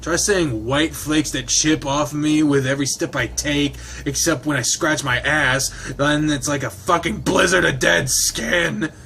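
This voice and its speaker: Man voicing a gruff lizard character for a game read, foul-mouthed, teasing, slightly raised pitch. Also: fairly even intonation, unhurried, few pauses, bright, forceful tone, slight background noise, full character voice. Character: crude, gruff adult male lizard.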